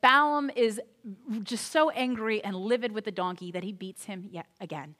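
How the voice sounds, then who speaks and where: A woman pastor retelling a story in a sermon, animated and chatty with little asides. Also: medium pitch, moderate pace.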